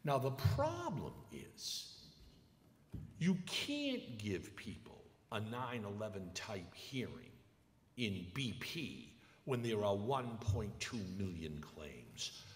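A man's voice: lowish voice, huge pitch swings, takes it slowly. An older man giving a public lecture, telling stories emphatically in a large hall. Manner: emphatic storytelling with acted quotes. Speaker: lecturer, attorney. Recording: echoey hall with long reverb.

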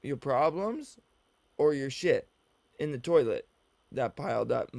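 Gravelly man mocking a video. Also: medium pitch, animated, a little slow, a little mellow, no echo. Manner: teasing, loose and profane. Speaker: reaction commentator. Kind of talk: joking reaction commentary. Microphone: desk mic, looking at a screen.

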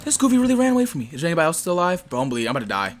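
A man doing excitable, slangy gameplay commentary, muttering one moment and yelling the next. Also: fairly high pitch, racing, a little hiss or hum. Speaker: gaming YouTuber. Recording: gunfire from the game behind.

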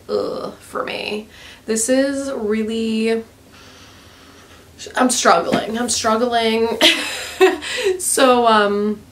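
A woman's voice: medium pitch, slight background noise. A woman vlogger giving a casual, profane book review rant, using "like" constantly. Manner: frank and profane, heavy use of "like".

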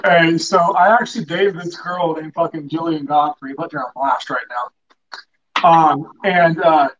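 A man's voice: on the high side, fairly even intonation, a little slow, a bit bright. A young man co-hosting a livestream, telling a crude story with lots of swearing. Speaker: livestream co-host. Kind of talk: casual storytelling. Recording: distant, muffled lo-fi sound.

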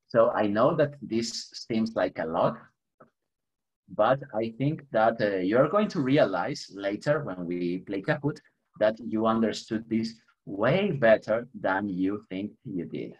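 Man, Spanish accent, English teacher, online class, low husky voice, dull lo-fi audio, mixes Spanish and English, light humor. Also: lively intonation, slow pace. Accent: Spanish from Spain. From Spain. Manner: switches between English and Spanish, chuckles often, light humor.

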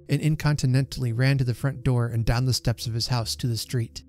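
Warm-voiced male storyteller. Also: mid-range voice, little pitch movement, normal speed, faint music behind. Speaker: reader and channel host. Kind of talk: storytelling reading.

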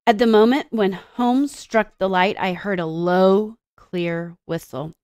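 A woman teacher reading a story aloud to children and explaining it, with expressive storytelling and dramatic pauses. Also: mid-range voice, clear, resonant tone, dry recording, clean studio sound.

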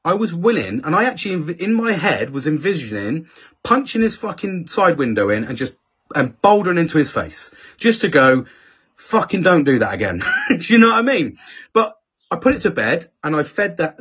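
As a podcast guest, a man shares personal stories in a candid chat, swearing constantly and often restarting his sentences. His voice is a little high, husky, and fairly bright, very animated and brisk, and the lo-fi audio sounds dull.

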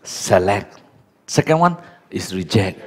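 Animated preacher, Chinese-native man. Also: low-pitched, slow pace. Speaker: pastor. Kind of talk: sermon.

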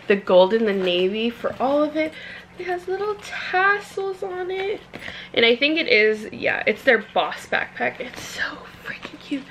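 A woman's voice: fairly high pitch, a little hiss or hum, poor audio. A young woman vlogging an unboxing in a casual, gushing way, full of "like" and "you guys", and close to tears at times. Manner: gushing, excitable, fills talk with "like" and "you guys"; emotional, near tears at times.

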